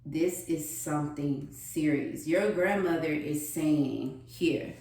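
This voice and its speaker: A woman giving a spiritual tarot reading, with a slow, repetitive, earnest delivery. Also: low-pitched, dark tone. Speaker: tarot reader. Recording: echoey room, distant mic.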